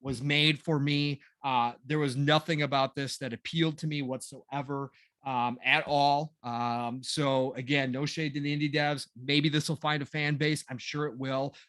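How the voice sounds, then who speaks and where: A man's voice: mid-range voice, little pitch movement, moderate pace, a bit bright, no room sound, studio quality. A man in his forties co-hosting a gaming podcast, rambling and sarcastic with a self-deprecating streak. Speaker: podcast co-host. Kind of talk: casual gaming news chat.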